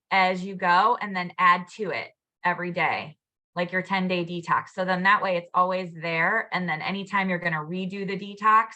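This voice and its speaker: Chatty bright-voiced woman on a call. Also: fairly low pitch, dull audio. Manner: chatty, many ums and you-knows. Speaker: co-host of a team call. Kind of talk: casual team video call.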